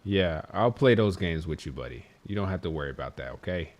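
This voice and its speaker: A young man chatting casually on speakerphone, playfully teasing a friend and then gently talking with his small son. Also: low-pitched, lively intonation, a little fast. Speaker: streamer and father. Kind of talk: casual phone chat.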